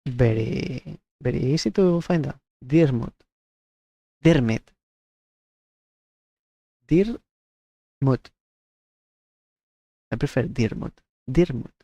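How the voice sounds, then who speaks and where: A man's voice: mid-range voice, unhurried, long pauses, mellow, no room sound, muffled recording. A man streaming a horror game, musing aloud and fumbling over how to pronounce names. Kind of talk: let's play commentary and dialogue reading.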